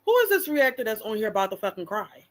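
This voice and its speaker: A woman's voice: a little high, big pitch swings, fast talker. A woman streamer giving blunt, profane live commentary and reading out chat viewers' names. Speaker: reaction streamer.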